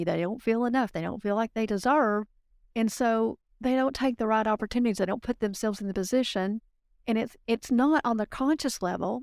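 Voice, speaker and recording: A woman guest on a podcast, telling client stories in a lively, casual way and acting out the voices of the people she quotes. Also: a little high, no room sound, studio quality. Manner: animated storyteller, acts out quoted voices. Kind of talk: casual interview storytelling.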